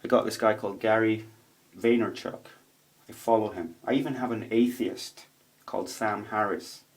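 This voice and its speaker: A man talks straight to his camera at home in a loose, rambling monologue. His voice sits a little low. He swears freely and gets animated as he tells his stories. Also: normal speed. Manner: profane, rambling, animated storytelling. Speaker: vlogger. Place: home room with a roommate nearby.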